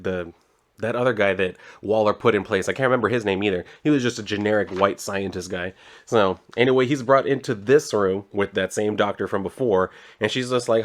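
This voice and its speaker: A man casually retelling a comic book, rambling and swearing, with lots of "he's like" and "she's like.". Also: lowish voice. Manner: rambling, profane, chatty retelling with frequent "like". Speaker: comic book video host.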